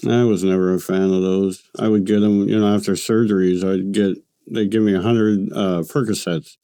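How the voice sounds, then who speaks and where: A man in his late forties, a podcast guest, speaking in a halting, matter-of-fact, self-deprecating way. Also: low-pitched, flat delivery, mellow, dry recording. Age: late 40s. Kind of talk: casual podcast chat.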